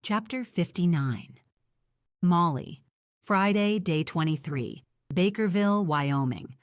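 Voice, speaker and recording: A woman reading a first-person audiobook in a tense, measured storytelling manner, close to the mic. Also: on the low side, expressive, no room sound. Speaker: audiobook narrator.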